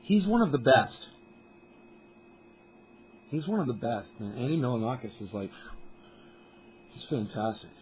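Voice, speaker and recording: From up on a mountain, a man live-streams casually, his mid-range voice swinging widely in pitch as he talks unhurriedly with long pauses. He rambles, swears freely and speaks to chat viewers. The cell phone audio is tinny, with a little hiss or hum.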